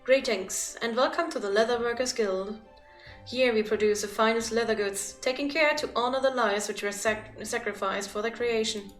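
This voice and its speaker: A woman's voice: on the high side, moderate pace, roomy sound, soft background music, close to an everyday voice. A woman voicing a formal, earnest guildmaster while reading game dialogue aloud, with small slips.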